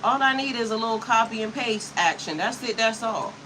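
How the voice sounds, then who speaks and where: A woman in her fifties, a spiritual coach, speaks briskly in a fairly high voice to her livestream chat through a computer mic. She is sassy and profane and laughs frequently, with background noise audible.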